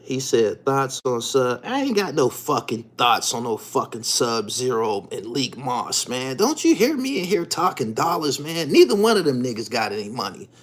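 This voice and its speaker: A man hosting his own channel, delivering an emphatic, profane monologue in street slang, swinging from low mutters to loud outbursts. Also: big pitch swings, moderate pace, hardly any pauses. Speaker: channel host. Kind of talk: animated profane monologue to viewers.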